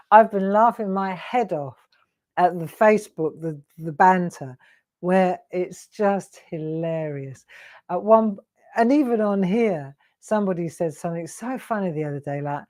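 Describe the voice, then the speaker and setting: A woman hosts a live craft show in a relaxed, chatty way. She laughs easily and teases her viewers as she talks them through her work. Her voice sits at an ordinary middle pitch. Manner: chatty, giggly, teasing viewers. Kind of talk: live craft demonstration chat.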